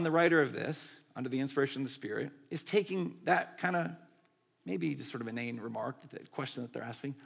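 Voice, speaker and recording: A man in his forties delivering a sermon as the pastor, with a slightly raised pitch and a gravelly edge to his voice. He talks in a loose, conversational way and slips into little voices when he quotes people.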